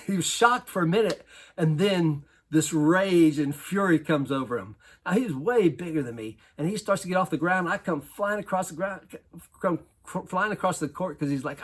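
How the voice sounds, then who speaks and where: A basketball coach telling a lively personal story to an audience, laughing often as he goes. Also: on the high side, moderate pace, slightly rough. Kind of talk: storytelling talk.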